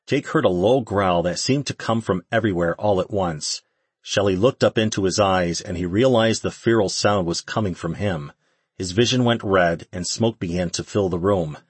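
A man narrating an audiobook in a steady, even read. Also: sits low, moderate pace, breathy edge, dry recording. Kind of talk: scripted narration.

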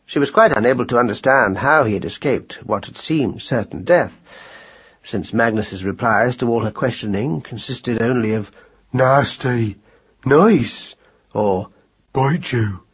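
Husky guy reading a storybook, measured and wry, lo-fi sound. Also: mid-range voice, fairly bright tone. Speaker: narrator. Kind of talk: audiobook narration.

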